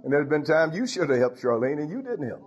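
A man's voice: on the high side, big pitch swings, quick pace. A man preaching a sermon in a conversational, teasing way, laughing and making asides to the congregation. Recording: dull lo-fi recording.

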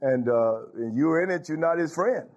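A man's voice: animated, normal speed, a little mellow, highs cut off. A middle-aged male pastor preaching an emphatic sermon, calling out "Hallelujah" and questions to the congregation. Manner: emphatic preaching, frequent "Hallelujah" and "Huh?" asides, wide swings in pitch.

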